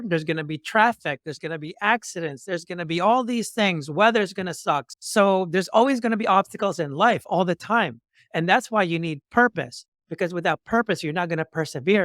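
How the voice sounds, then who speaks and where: Animated male podcast host, dry sound. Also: high-pitched, no echo. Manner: acts out both sides of remembered dialogues with lively shifts; motivational, speaks in metaphors. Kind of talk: animated storytelling in conversation.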